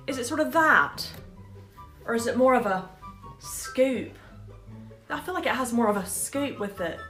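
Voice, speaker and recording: A woman's voice: a little high, fairly bright tone. A woman from Georgia, chatting casually to camera as a vlogger and asking her viewers playful questions, with the odd curse. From Georgia, USA.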